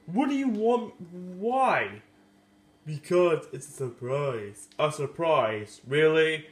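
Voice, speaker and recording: Grumpy plush shark, slow and sighing, always fed up as a performer puts it on. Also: mid-range voice, lively intonation. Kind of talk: plush toy puppet video.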